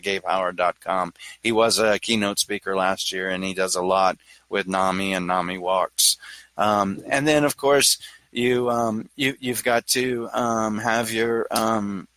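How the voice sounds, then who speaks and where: Man, 40s; low, punchy, rambling speaker, dry close recording. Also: bright, forceful tone, no echo, poor audio. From Louisiana. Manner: rambling, stammering restarts, jokey. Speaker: speaker on mental health. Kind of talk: casual talk to an audience.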